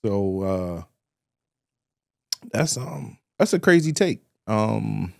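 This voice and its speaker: A man's voice: fairly low pitch, very slow, creaky, no echo, clean studio sound. A young man co-hosting a podcast, talking casually and animatedly. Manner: animated, laughing, swearing freely. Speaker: podcast co-host. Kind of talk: casual chat.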